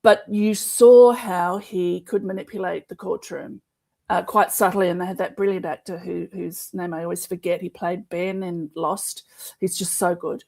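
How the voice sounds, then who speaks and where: A woman's voice: fairly low pitch, fairly even intonation, moderate pace, creaky, mellow. A woman with an Australian accent, chatting as a guest co-host and wandering off into asides. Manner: rambling, digressive talk full of asides. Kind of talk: casual chat.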